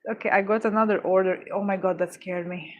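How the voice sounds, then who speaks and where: A woman's voice: mid-range voice, fairly even intonation, fairly quick, narrow, tinny audio. A woman chatting casually while working on orders, easily startled, laughing often and correcting herself as she talks. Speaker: crafting livestreamer.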